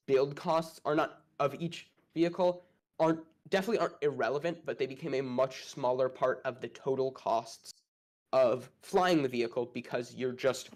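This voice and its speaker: A man's voice: medium pitch, moderate pace. A man arguing one side of a casual space debate, hedging and thinking aloud with many fillers.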